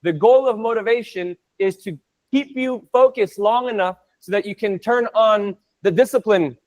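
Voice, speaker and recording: A man teaching an online Spanish class, energetic and playful, drilling words by repeating them. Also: high-pitched, moderate pace.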